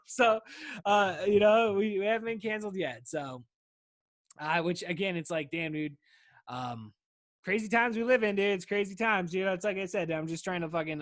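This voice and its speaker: Rambling, foul-mouthed male podcast host, high voice, dry close sound. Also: a bit bright, no room sound. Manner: rambling, swears often, says "dude" constantly. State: voice wearing out. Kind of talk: casual solo podcast chat.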